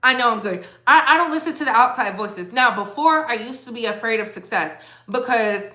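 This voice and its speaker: A woman's voice: on the high side, lively intonation, a little fast, sharp tone. A woman hosting a gossip commentary vlog, blunt, emphatic and sassy in her opinions.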